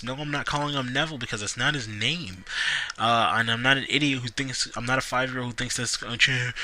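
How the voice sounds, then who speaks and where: Sharp-voiced man ranting sardonically. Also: mid-range voice, fairly quick, a little hiss or hum, low-quality recording. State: dry, sore throat. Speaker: wrestling show reviewer. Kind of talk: casual solo review vlog.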